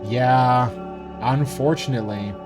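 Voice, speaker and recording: Profane, animated man streaming casually. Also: medium pitch, takes it slowly, over music. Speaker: streamer building and painting miniatures. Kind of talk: casual live-stream chat.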